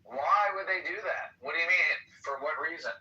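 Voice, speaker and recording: A man's voice: fairly high pitch, brisk, sharp tone, lo-fi sound. A man in a casual chat, friendly and curious, asking questions. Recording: echoey, distant, faint music behind.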